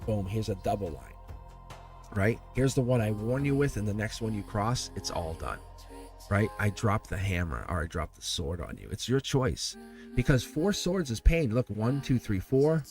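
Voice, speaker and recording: A middle-aged man hosting a live tarot stream, rambling and animated, laughing often as he talks. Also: lowish voice, moderate pace, soft background music.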